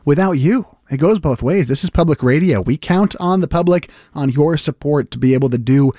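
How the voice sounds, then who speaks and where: Fast-talking upbeat male radio host. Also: fairly high pitch, dark tone, no room sound, studio quality. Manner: upbeat, eager, stammering restarts. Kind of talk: pledge drive chat. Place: radio studio. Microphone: studio mic.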